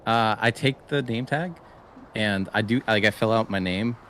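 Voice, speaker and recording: A man's voice: fairly low pitch, normal speed, fairly bright tone, a little hiss or hum. A man playing a tabletop game, casually describing what his character does. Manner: casual, hedging. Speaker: player.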